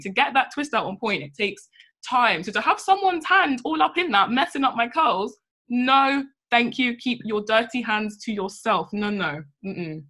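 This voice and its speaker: A woman's voice: medium pitch, sharp tone. A woman chatting casually, speaking in a blunt, emphatic, sassy way. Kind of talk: casual chat.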